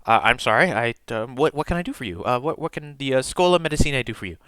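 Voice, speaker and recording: A jittery young elf student mans the front desk, tripping over his words in his rush to be helpful, as a man puts him on. The voice is bright and clear, and sounds dry and close. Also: medium pitch, expressive, fast, dry recording, natural voice. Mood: flustered. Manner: flustered, stammering, eager to please. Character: nervous young male elf student clerk.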